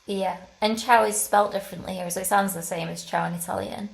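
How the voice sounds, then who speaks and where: A woman co-hosting a podcast, chatty and quick to giggle in a casual travel chat. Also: mid-range voice, fairly even intonation, gravelly. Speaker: podcast co-host.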